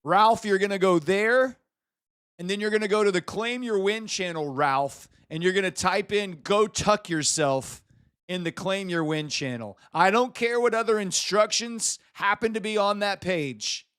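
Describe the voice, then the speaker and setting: High-voiced man teasing a viewer. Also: normal speed, fairly bright tone, clear, resonant tone, no echo, clean studio sound. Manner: teasing, exasperated, mock-scolding. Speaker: livestream host. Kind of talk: live stream chat banter.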